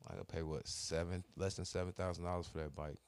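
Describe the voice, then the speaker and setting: A man's voice: low-pitched, little pitch movement, fast talker, gravelly, no room sound. A man co-hosting a podcast in casual chat, telling a story with heavy cursing and slang. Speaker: podcast co-host.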